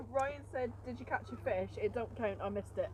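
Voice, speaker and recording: Quiet woman reading comments, off-mic. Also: fairly high pitch, normal speed, breathy edge. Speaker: co-host reading viewer comments. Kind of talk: reading out live chat comments. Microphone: away from the mic.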